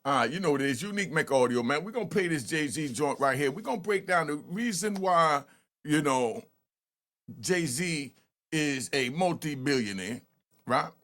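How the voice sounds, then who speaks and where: A man in his fifties from Harlem with a New York accent, hosting and telling stories in a loose, animated way, often stammering on restarts. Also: a little high, normal speed. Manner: animated, repeats "you know what I mean", stammers on restarts. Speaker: host. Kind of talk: casual storytelling commentary.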